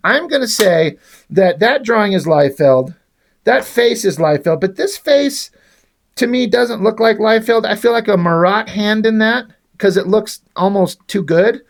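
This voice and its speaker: A man casually reviewing a comic book and sketching on it as he talks, sarcastic, rambling and profane. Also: high voice. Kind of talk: casual video review, drawing while talking.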